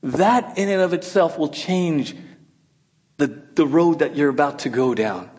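A man's voice: on the high side, a little slow, a little mellow. A middle-aged man preaching a sermon as pastor, in a conversational way, often checking in with "right?".

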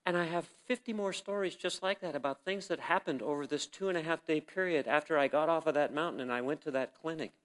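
At a church service, a man shares his testimony with the congregation, acting out the dialogue in his story. He swings between quiet reflection and loud, emphatic bursts, his voice a little high.

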